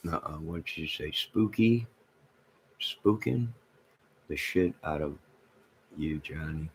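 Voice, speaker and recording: Speaking with a toothless mouth in a very deep, slightly rough voice, a man takes his time as he hosts a casual livestream. He rambles on and trades jokes with his chat viewers.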